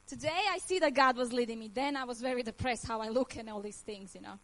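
Telling her personal story of faith, this thirty-something Croatian woman speaks earnest, emotional English marked by her accent, nonnative grammar, and plenty of laughter. Her voice runs on the high side, she talks fast, and the recording is rough.

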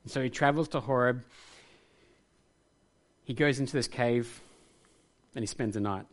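A man delivering a sermon in an earnest, reflective way. His voice sits at an ordinary middle pitch, and his emphasis builds into passion when he makes a point. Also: normal speed. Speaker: pastor.

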